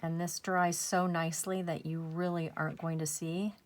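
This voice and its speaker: A woman hosting a crafting channel, talking through a coloring tutorial step by step in a soft, unhurried, gently encouraging way. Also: lowish voice, flat delivery.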